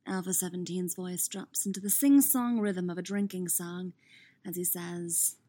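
Lower-voiced woman narrating a story. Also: moderate pace, warm tone. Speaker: audiobook reader. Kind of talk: fan fiction narration.

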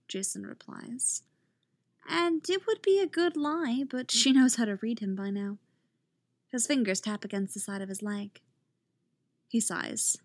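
Slow, calm woman reading a story. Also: mid-range voice, dry recording. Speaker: narrator. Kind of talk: reading fan fiction aloud.

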